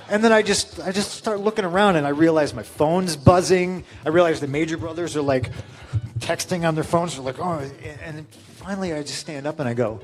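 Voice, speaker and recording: Animated storytelling man. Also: a little high, moderate pace, soft background music. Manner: animated, acts out quotes with raised voice. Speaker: interview guest telling a story. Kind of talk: casual storytelling.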